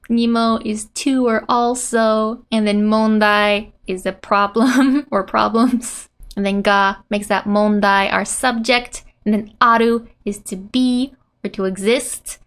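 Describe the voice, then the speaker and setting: Friendly female tutor, laughs a lot, talks slowly, bright and slightly high. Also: steady tone, smooth. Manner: giggly, reads out character lines with playful voices. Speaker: Japanese teacher. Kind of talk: casual manga-based language lesson.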